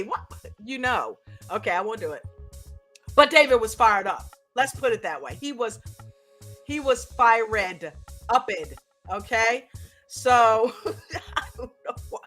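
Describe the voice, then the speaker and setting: A woman hosts a live stream in a loose, chatty way and keeps the energy up. Her voice sits a little high and sounds bright and forward. Faint music plays underneath. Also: lively intonation, slow pace, pauses often. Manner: upbeat, chatty, pitching memberships. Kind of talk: casual live-stream chat.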